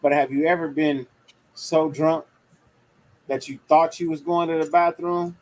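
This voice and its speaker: A man's voice: on the high side, level tone, measured pace, darkish tone, rough recording. A man talking drunk and rambling, swearing and laughing a lot in a casual chat over a video call.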